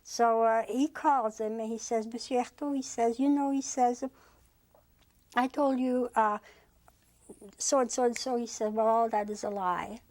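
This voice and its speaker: A woman in her eighties from France, giving oral history testimony as a Holocaust survivor and retelling conversations with frequent "he says" and halting fillers. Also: fairly high pitch, steady tone, darkish tone.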